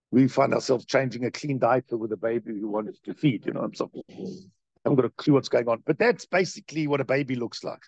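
A man giving a Torah class as its teacher, in an animated, questioning way full of rhetorical questions. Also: medium pitch, creaky, dry recording, highs cut off.

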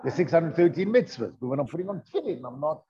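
Speaking quickly in a mellow, slightly high, sing-song voice, a man teaches a Torah lesson from the text. He keeps it conversational, asking rhetorical questions and dropping in Hebrew words, and the classroom audio is dull and lo-fi.

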